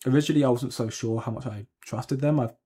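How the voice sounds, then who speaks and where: Husky-voiced man rambling on a crypto stream. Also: medium pitch, steady tone, fast, dark tone. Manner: rambling, hedging, frequent ums and restarts. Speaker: crypto channel host. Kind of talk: casual livestream chat answering viewer comments.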